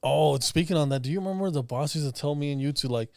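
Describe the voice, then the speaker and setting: Dude talking real quick, says bro a lot, cussing, dry sound. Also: male voice, a little high, gravelly, a little mellow, no echo. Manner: fast, slangy, swears, says bro. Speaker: podcast co-host, former bouncer. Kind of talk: casual chat.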